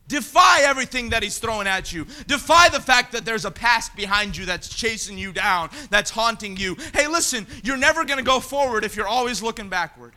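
A man with a high, piercingly bright voice delivers a fiery sermon, reading scripture and then driving his points home with emphatic, swelling shouts. He's expressive and fairly quick, with hardly any pauses.

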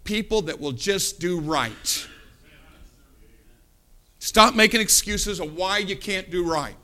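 A man preaching a sermon, fervent, swinging from low asides to loud climaxes and acting out Bible characters as he tells the stories. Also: takes it slowly, long pauses. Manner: acts out Bible characters in the telling.

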